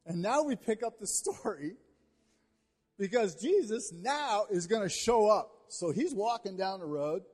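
Male pastor, high voice, fired-up call-and-response preaching on a stage mic in a big echoing church hall. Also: unhurried. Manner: energetic, builds to shouted call-and-response. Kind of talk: sermon. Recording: long hall reverb.

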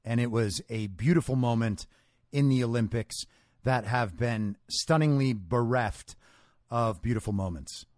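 A man's voice: medium pitch, unhurried, a little mellow, no room sound, studio quality. A man hosting a podcast, giving an opinionated political commentary monologue. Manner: opinionated, emphatic. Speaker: podcast host.

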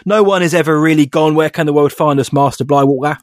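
A man's voice: a little high, fast talker, dry recording. A man co-hosting a casual podcast, quizzing his co-host in a playful, teasing way. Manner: playful, teasing, laughs often.

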